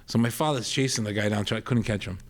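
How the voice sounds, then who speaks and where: A man's voice: fairly low pitch, fast. A middle-aged man with a Rhode Island accent, telling a long family story as a podcast co-host and stopping often to act out the people in it. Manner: rambling, animated storyteller acting out quoted voices. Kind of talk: storytelling in casual chat.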